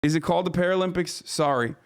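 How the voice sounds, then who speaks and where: A smooth, high-sitting voice delivers fast, casual livestream commentary. The man rants with exasperation and profanity, rambling and frequently starting over.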